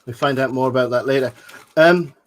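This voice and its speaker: A man's voice: medium pitch, brisk, poor audio. A man hosting a casual movie watch-along, sharing film trivia with frequent ums and laughs. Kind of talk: casual film commentary chat.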